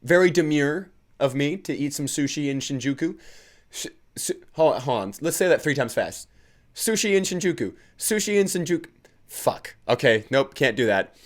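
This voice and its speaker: A man's voice: mid-range voice, moderate pace. A man hosting a casual solo podcast, tired and rambling, cracking self-mocking jokes and laughing at them. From United States. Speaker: podcast host.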